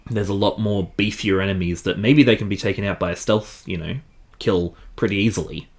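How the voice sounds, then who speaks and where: Young male podcaster, lower voice, dry jokey asides. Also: fairly quick. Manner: wry, joking asides. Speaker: podcast co-host. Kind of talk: casual chat.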